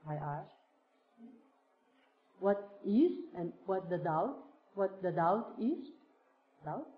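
Slow woman doing a reflective spiritual talk, lots of "like", echoey room, kinda muffled. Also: lowish voice, animated. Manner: slow, searching, many fillers like "like". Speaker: speaker sharing a teacher's words with a group. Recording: roomy, dull lo-fi sound.

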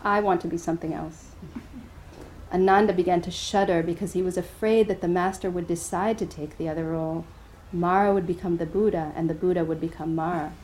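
A woman meditation teacher giving a dharma talk and telling a story in a gentle, hesitant way, with easy laughter. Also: fairly low pitch, fairly even intonation, fairly quick, hardly any pauses, slight background noise, rough recording.

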